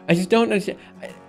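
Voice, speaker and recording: A man's voice: high voice, vocal fry. Rambling young man streaming. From United States. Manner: rambling, reads chat aloud, exasperated but reassuring. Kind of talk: casual live-stream chat.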